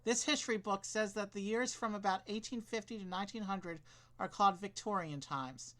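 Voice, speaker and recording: A man's voice: sits high, brisk, fairly bright tone. A man voicing a curious, skeptical young boy in plain read-aloud delivery for a game.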